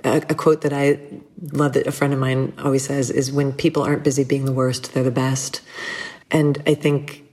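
A middle-aged woman speaking candidly and thoughtfully as an interview guest, with soft laughs between thoughts. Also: very deep voice, little pitch movement, moderate pace, slightly rough. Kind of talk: reflective conversational interview.

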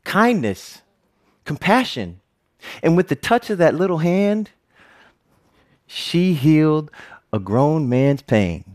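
A man's voice: a little high, big pitch swings, slow pace. A middle-aged man giving an earnest personal storytelling talk, with joking asides.

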